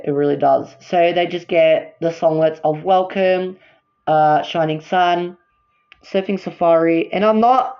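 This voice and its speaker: A woman's voice: lowish voice, highs cut off. A woman ranting as a fan vlogger, worked up, repeating herself and apologizing for getting upset. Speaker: fan vlogger ranking songs.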